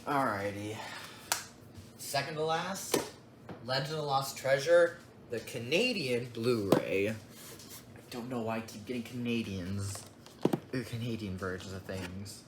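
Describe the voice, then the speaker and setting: A young man talks slowly and loosely, trailing off into muttered asides as he shows items one by one. His voice sits at an ordinary pitch. The room is echoey, with clear background noise under him. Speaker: collector showing his DVD collection. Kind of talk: casual unboxing vlog.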